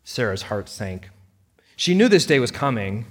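A man narrating a dramatic story in a lively reading voice. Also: mid-range voice, unhurried, husky, in a large hall.

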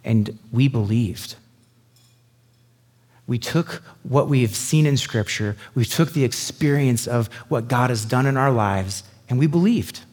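A man's voice: unhurried, breathy edge. Man preaching in a reverberant church. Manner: animated, acts out quotes with sudden high bursts. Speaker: pastor. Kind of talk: sermon. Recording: long hall reverb.

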